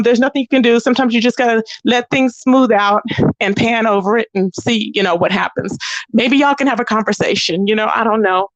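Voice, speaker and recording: A woman hosting a livestream, chatting casually with her viewers and acting out the people she talks about. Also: no room sound. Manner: animated, acts out quoted voices in a higher pitch. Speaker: livestream host. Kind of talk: casual gossip chat with viewers.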